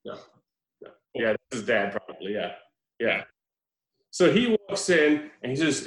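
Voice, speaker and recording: A man in casual chat, retelling a film with animated, profane storytelling and acted-out lines. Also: medium pitch, measured pace, pauses often, echoey room, poor audio.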